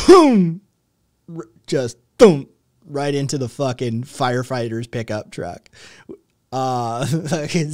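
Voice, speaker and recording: A medium-pitched man hosts a podcast, chatting casually and sarcastically while swearing often and rambling with plenty of fillers. It's casual commentary, recorded at studio quality with no room sound.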